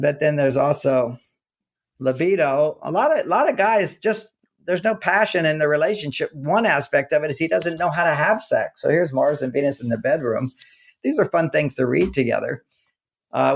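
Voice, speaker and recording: A man, an author being interviewed, talking casually and telling animated stories in which he acts out the dialogue. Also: medium pitch, gravelly. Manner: animated storyteller acting out quoted dialogue. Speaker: author and guest.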